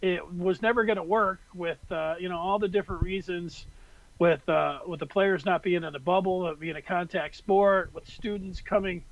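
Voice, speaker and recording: A man's voice: sits high, steady tone, moderate pace, vocal fry, dull audio. A man co-hosting a sports podcast, telling a rambling, exasperated story in casual talk. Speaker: podcast co-host.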